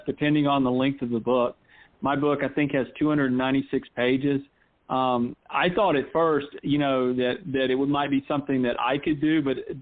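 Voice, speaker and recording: A man from North Carolina, a golf instructor guest chatting casually in an interview and rambling with frequent restarts. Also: mid-range voice. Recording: tinny phone line.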